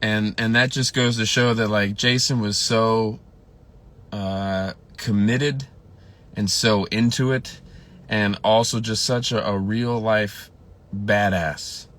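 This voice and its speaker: A filmmaker tells stories about a late colleague on a casual livestream, his voice fairly low, a bit bright and fairly even in intonation. He speaks slowly and rambles, full of fillers and restarts. At times he gets emotional.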